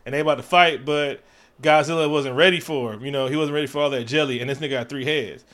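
A man co-hosting a podcast, recapping a movie in loud, profane, joking chat. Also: on the high side, quick pace. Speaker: podcast co-host.

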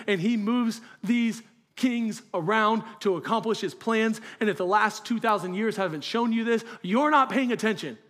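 High-voiced earnest male preacher. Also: fairly bright tone. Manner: earnest, conversational preaching with rhetorical questions. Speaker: pastor. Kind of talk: sermon.

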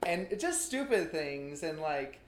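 A young man in casual conversation, telling an animated story with lots of fillers and laughter. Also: a little high, slow pace, roomy sound.

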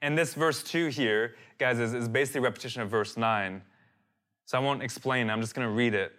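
A man preaching a sermon, animated and direct, reading out scripture and calling his listeners "guys". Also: medium pitch, a little fast. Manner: reads and dramatizes scripture verses. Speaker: pastor.

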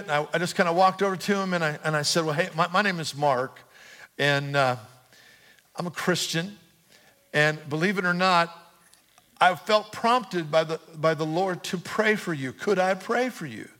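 A man's voice: high voice, moderate pace, sharp tone. A middle-aged man preaching a sermon as pastor, telling a personal story casually and then building to emphatic, repeated calls. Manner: preaching with rising emphatic repetition, chatty storytelling. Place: church auditorium.

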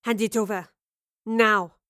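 A woman voicing a scheming, resentful woman who talks in a scornful, clipped and hushed way. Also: mid-range voice, steady tone, takes it slowly, no room sound, clean studio sound.

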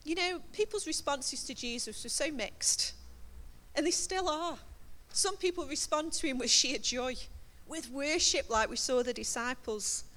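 High-voiced woman preaching earnestly. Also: unhurried, a bit bright. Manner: earnest, emphatic and encouraging. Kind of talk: sermon. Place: church stage.

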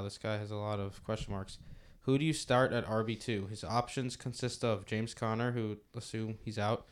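A man's voice: fairly low pitch, smooth. A young man hosting a podcast, reading out listener questions in a laid-back, casual way. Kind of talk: casual sports chat. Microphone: studio mic.

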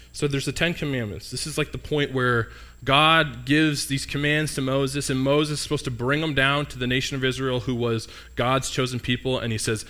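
A man's voice: mid-range voice, steady tone, moderate pace, pushed and bright. A young man preaching a casual, conversational sermon and asking the congregation questions. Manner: conversational, asks the congregation questions, jokes with listeners. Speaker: pastor.

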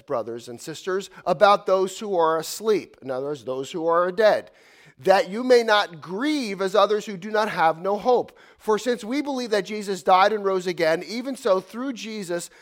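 A man in his fifties delivering a church sermon in a fairly high, light voice. He is animated, rising to loud, ringing exclamations and then dropping to hushed, quiet asides. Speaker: pastor.

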